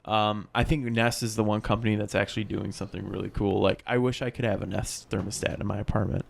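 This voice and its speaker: A man's voice: on the low side, little pitch movement, fast, creaky, a little hiss or hum. A young man co-hosting a podcast, chatting casually and rambling with fillers. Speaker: podcast co-host. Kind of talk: casual chat.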